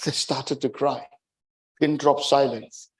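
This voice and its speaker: A man giving a religious sermon to a gathering. He speaks in a slow, emphatic way, rises to forceful peaks and keeps checking in with his listeners with "right?". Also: mid-range voice, steady tone. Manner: rhetorical, keeps asking "right?" to the audience. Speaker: majlis speaker.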